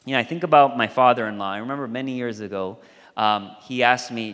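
A male pastor with a medium-pitched, slightly bright, smooth voice talks fast as he delivers a sermon. He tells it like a conversational story, acting out the voices of the people he quotes, and a long hall reverb surrounds him.

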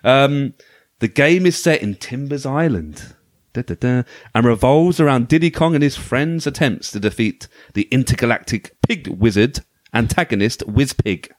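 Animated man chatting about games. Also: medium pitch, moderate pace, no echo. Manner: enthusiastic, chatty, with frequent restarts. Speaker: podcast host. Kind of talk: casual chat about retro video games.

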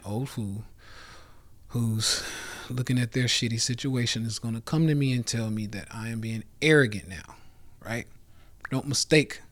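A brash man in his thirties rants to his live audience in a voice of middling pitch. He speaks profanely and swaggers through his points. Now and then he drops to a near whisper before booming back. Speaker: host of a live motivational rant. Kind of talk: casual motivational rant. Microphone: phone on a live stream.

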